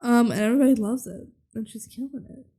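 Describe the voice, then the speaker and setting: A woman's voice: a little high, fast talker. A young adult woman co-hosting a podcast, recapping a movie in casual chat and acting out the characters' lines. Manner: animated, acts out characters' lines. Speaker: podcast co-host.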